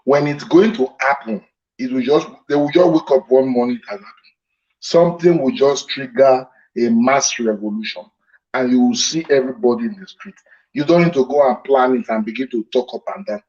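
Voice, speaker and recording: A Nigerian man of middle pitch insists on his view, firing rhetorical questions back at his opponent. His voice comes through dull and lo-fi. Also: a little fast, darkish tone. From Midwestern Nigeria. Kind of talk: heated live debate. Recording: muffled lo-fi sound.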